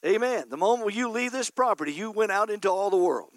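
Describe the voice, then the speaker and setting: A pastor preaches a sermon in a high, expressive voice, speaking fast with no room sound. He's emphatic, constantly calling out "Amen?" to his congregation.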